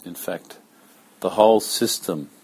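A man giving a slow, calm spoken lesson as a yoga teacher, talking in a measured, deliberate way with pauses. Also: low-pitched, husky.

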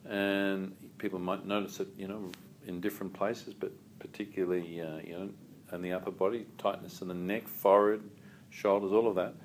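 A man teaching a yoga class, calm and asking the group questions. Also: sits low, a little fast, slight background noise.

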